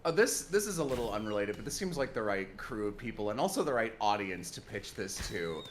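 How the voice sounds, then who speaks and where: A man from Chicago with a slight Midwest accent, telling stories in a rambling, animated way during a casual stream chat. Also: fairly low pitch, fairly quick, a little hiss or hum. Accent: slight Midwest American. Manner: rambling, animated storytelling with laughs.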